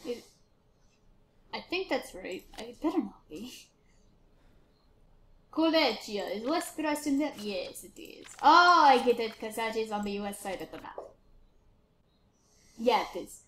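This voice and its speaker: A woman commentating on a game she is playing, switching between animated outbursts and a bossy mock-stern put-on accent. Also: fairly high pitch, measured pace, pauses often, roomy sound, a little hiss or hum. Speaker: let's play gamer.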